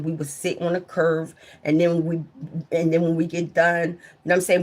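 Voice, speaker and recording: Woman, lowish voice, live stream storytelling, swears a lot, talks to viewers, gets loud at the funny parts. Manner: profane, talks straight to viewers. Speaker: livestreamer. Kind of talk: casual storytelling to a live audience.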